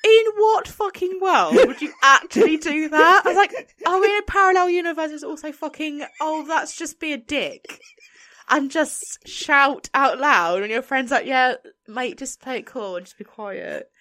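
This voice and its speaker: A woman's voice: sits high, moderate pace, sharp tone. A woman co-hosting a casual podcast, ranting about a film with sarcastic, sweary exasperation. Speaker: podcast co-host.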